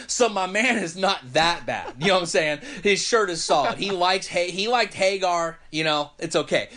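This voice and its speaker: A man hosting a podcast, telling a story in an animated, profane, rambling way. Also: sits high. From Northern California. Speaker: podcast host. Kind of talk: casual storytelling chat.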